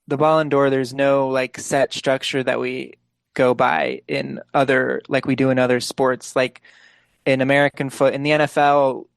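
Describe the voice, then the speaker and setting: A man's voice: medium pitch, normal speed, vocal fry, dry recording. Laid-back young man, dry close sound. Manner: relaxed, leans heavily on "like" fillers. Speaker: podcast co-host. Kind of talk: casual sports chat.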